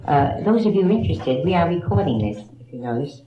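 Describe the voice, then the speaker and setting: A woman's voice: deep voice, expressive, brisk, highs cut off. A woman doing bawdy stand-up comedy in a nightclub, trading jabs with hecklers and calling people honey, on a 1960s live album. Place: nightclub stage. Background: audience laughing.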